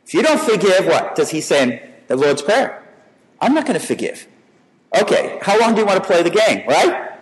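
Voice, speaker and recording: Lively high-voiced male preacher in a hall. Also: a little fast, hardly any pauses. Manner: conversational, repeats and restarts words. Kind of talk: sermon. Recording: reverberant hall.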